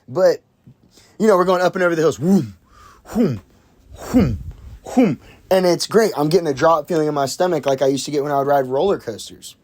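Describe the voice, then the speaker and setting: Rambling, excitable movie reviewer. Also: medium pitch, fast talker. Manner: rambling and excitable, full of "like" and restarts; swears casually. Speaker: film reviewer. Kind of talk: casual movie review chat.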